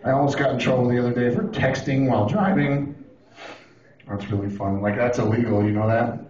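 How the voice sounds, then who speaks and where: A man doing a profane, animated stand-up routine on a club stage, now and then breaking into shouted impressions. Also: mid-range voice, fairly quick. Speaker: stand-up comedian. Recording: roomy, distant, dull lo-fi club recording. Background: audience laughing.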